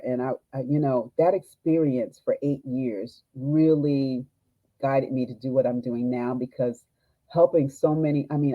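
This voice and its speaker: A middle-aged woman telling her personal story as an interview guest, animated and acting out the people in it. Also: rumbling low, no room sound. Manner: animated storyteller, acts out quoted voices with laughter. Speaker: guest, holistic nutrition coach. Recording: tinny phone-like line.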